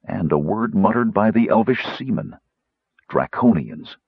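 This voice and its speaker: Brief: deep, husky male audiobook reader, expressive melody, dry, muffled recording. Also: dry recording. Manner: measured storytelling, shifting into character voices. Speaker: audiobook narrator. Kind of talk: scripted fantasy narration.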